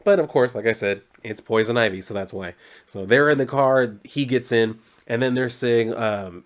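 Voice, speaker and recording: A man's voice: mid-range voice, moderate pace. Rambling casual man recapping a comic. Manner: rambling, loose, filler-heavy with mild swearing. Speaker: comic book reviewer.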